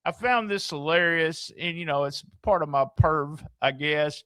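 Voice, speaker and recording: A man's voice: fairly high pitch, measured pace, sharp tone, dry recording. A middle-aged man with a Southern US accent hosting a podcast, ranting in exasperated, incredulous disbelief and swearing freely. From American South. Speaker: podcast host. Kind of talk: casual ranting commentary.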